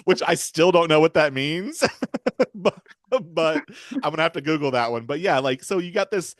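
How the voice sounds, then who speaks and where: A man's voice: fairly high pitch, expressive, normal speed, no echo, studio quality. A man hosting a podcast, retelling film scenes in a rambling, casual way with chuckles. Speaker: podcast host.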